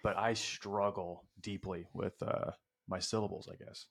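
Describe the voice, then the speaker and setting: A man hosts a casual podcast in a low-ish voice. He keeps things loose and upbeat, joking with his guest. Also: steady tone, measured pace, vocal fry. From Arkansas. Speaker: podcast host.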